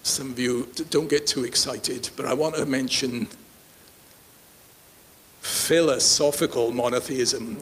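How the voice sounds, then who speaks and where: A man pastor teaching a sermon, animated and joking with his congregation. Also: mid-range voice, a little slow, pauses often. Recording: faint hiss.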